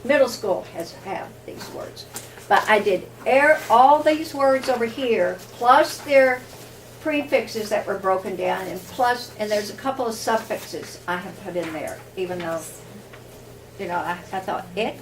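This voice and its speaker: A woman's voice: medium pitch, lively intonation, unhurried, slight background noise. A woman teaching a workshop in a classroom, speaking informally with many fillers and restarts. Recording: distant room recording with faint ambience.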